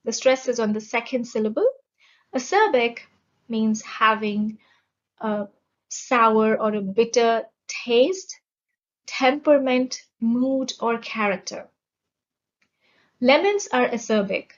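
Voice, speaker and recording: A woman with a fairly high voice teaches exam vocabulary at a very slow, deliberate pace. She enunciates every word carefully. The audio is a little dull and lo-fi. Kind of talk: scripted vocabulary lesson.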